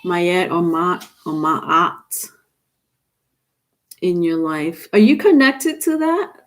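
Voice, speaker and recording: Tarot reader, woman, low and unhurried, chatty with viewers on a live stream. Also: very animated, a little mellow. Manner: chatty, reads viewer comments aloud.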